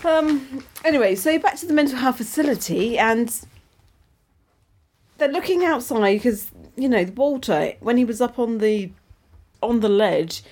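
A woman's voice: fairly high pitch, darkish tone. A woman, co-hosting a podcast and recapping a TV episode in chatty, giggly storytelling. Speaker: podcast co-host. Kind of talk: casual chat recapping a TV episode.

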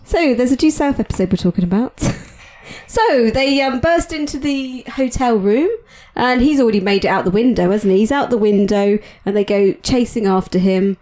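A woman's voice: a little high, normal speed, hardly any pauses, a little mellow. Chatty woman podcast co-host. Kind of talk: casual chat.

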